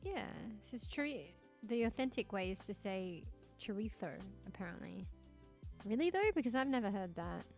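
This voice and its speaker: A woman's voice: mid-range voice, animated, normal speed, creaky. A woman streaming casually, reading chat and search results aloud, giggling often, swearing freely and repeating words as she tries out how to say them. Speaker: streamer chatting with viewers. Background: soft background music.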